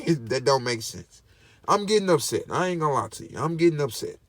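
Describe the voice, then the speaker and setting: A man's voice: on the high side, very animated, normal speed, dry recording. A man vlogging in casual to-camera commentary, emphatic and preachy, repeating his points over and over.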